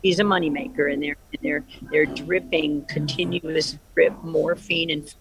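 A woman's voice: sits low, steady tone, moderate pace, creaky, noisy background. A middle-aged woman, an interview guest, telling a personal story in an emphatic, rambling way with many restarts. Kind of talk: emotional personal account in an interview.

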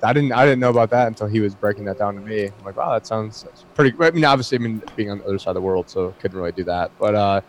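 A man's voice: on the low side, racing, few pauses, a little hiss or hum. A man talking as a guest in a casual chat, hesitant with many restarts. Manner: hesitant, full of restarts and fillers.

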